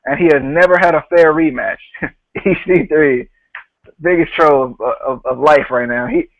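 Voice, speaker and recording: A man's voice: on the high side, normal speed, creaky, no room sound, muffled recording. A man hosting a podcast, casually retelling a show and laughing often as he quotes people. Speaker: podcast host.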